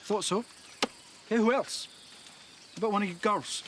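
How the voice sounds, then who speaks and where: An actor plays a fairly high-voiced man leading a camp of teenagers, brisk and a little bossy, with the odd hesitant filler. Faint outdoor noise sits behind him in this TV drama. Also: natural voice. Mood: organising. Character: adult male camp leader, brisk and organising. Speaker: camp leader of a group of teenagers.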